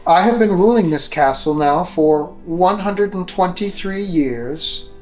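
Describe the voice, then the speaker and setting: An arrogant vampire noblewoman, as a man voices her at a tabletop game, drawls each word slowly with aristocratic disdain. Her tone sits a touch lower than the man's fairly high natural voice. Soft music runs faintly behind her. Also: expressive. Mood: haughty. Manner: slow, haughty, condescending. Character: arrogant ancient vampire noblewoman ruling a castle.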